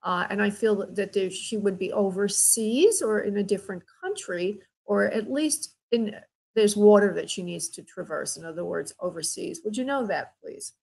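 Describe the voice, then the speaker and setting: A woman medium hosts a psychic call-in show on the radio. Her mid-pitched voice has a gravelly, creaky edge. She talks gently and affectionately and calls her callers honey and sweetheart. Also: normal speed, low-quality recording. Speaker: spirit medium and radio host.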